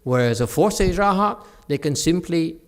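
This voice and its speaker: A man gives a conversational Buddhist lecture in a temple hall. He sits fairly high in pitch and swoops up and down a lot. He drops in chuckling asides to the audience. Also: animated, moderate pace. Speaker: Buddhist teacher giving a lecture.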